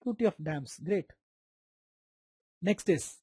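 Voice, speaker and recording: A man's voice: high-pitched, animated, moderate pace, pauses often, warm tone, breathy edge, no room sound. A man with an Indian English accent giving a live online medical lecture, repeating key terms, quizzing students by name and making playful sound effects.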